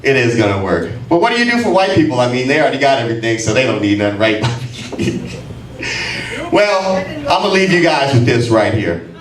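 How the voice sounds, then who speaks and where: A man's voice: medium pitch, big pitch swings, brisk. Brash, profane man doing stand-up. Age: 40s. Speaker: stand-up comedian. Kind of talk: stand-up routine. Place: comedy club stage. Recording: echoey club sound from a distant mic.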